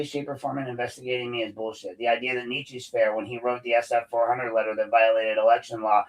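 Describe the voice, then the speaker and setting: A man's voice: mid-range voice, little pitch movement, fast talker, few pauses, distant mic, rough recording. A man hosting an unscripted solo show, ranting in a profane, combative, heated way. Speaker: podcast host.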